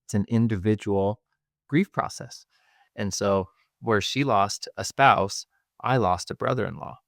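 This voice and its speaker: Low-voiced thoughtful male podcast host. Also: vocal fry, a bit bright, no echo, studio quality. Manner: thoughtful, measured, with hesitations. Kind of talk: reflective conversation.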